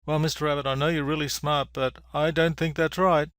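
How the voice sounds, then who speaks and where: A man's voice: fairly high pitch, little pitch movement, brisk, fairly bright tone, dry recording, studio quality, pitched above the performer's own voice, natural voice. A man doing a worried little bunny. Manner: worried, questioning. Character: bunny, the rabbit's timid young friend.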